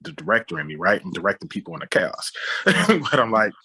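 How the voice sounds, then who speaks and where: Man recounting a story on a podcast, low husky voice, vivid spoken sound effects. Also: big pitch swings, brisk, pushed and bright. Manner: frequent "you know what I'm saying". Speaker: guest, film director. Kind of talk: telling a personal story on a podcast.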